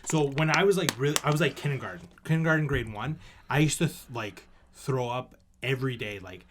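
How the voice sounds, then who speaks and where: A young man co-hosting a casual podcast, telling stories in an animated way, cursing freely and acting out voices of his family. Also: mid-range voice, a little fast, background noise. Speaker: podcast co-host. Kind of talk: casual chat.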